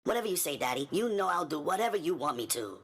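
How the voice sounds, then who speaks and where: A man voicing a fearful, submissive young woman in an audiobook, speaking in a soft, breathy, pleading tone. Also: a little high, sing-song, fast, pitched above the performer's own voice, exaggerated voice. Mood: timid. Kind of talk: audiobook character voice.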